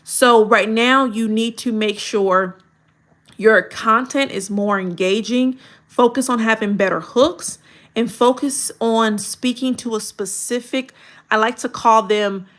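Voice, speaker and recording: Bright, direct woman coach on a livestream. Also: fairly high pitch, a little slow. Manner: direct, colloquial, animated. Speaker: content creation coach. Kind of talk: livestream video critique.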